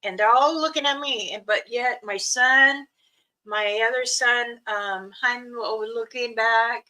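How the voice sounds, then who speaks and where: A mother tells a personal story in a chatty, casual way, laughing often as she acts out her children's voices and hushes her own quoted words. Her voice is a little high and she takes it slowly, on a rough recording.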